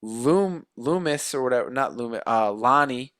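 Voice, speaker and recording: A man's voice: medium pitch, animated, normal speed, fairly bright tone, no echo, clean studio sound. A man co-hosting a podcast, casually recapping a horror movie's plot in a rambling, joking way. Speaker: podcast co-host. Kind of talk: casual movie review chat.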